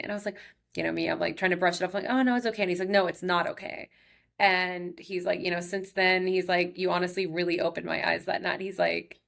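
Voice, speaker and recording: A Texan woman in her thirties hosts her own podcast, telling personal stories in a fairly low voice with vocal fry. She's chatty, emotional, and upbeat in this casual monologue, constantly using "like" and "he's like."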